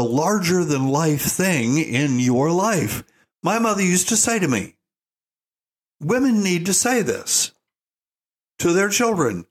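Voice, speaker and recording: An older man giving an opinionated monologue as a parenting commentator, folksy and emphatic, calling listeners "folks". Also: fairly high pitch. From United States.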